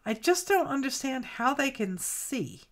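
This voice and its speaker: A woman hosts a craft livestream, casually chatting and cooing over the mail she opens while greeting viewers by name. She sounds a little tired. Her voice sits high and sing-song at a measured pace.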